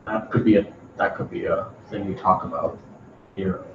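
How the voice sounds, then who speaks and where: A man with a fairly low voice talks through a technical topic for a small meetup, hesitant and doubling back on his words. He sounds distant from the microphone in an echoey room, and the recording is dull with faint noise behind him. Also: fairly even intonation, moderate pace. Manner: hesitant, repeats words, unprepared. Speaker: meetup presenter. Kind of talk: casual technical talk.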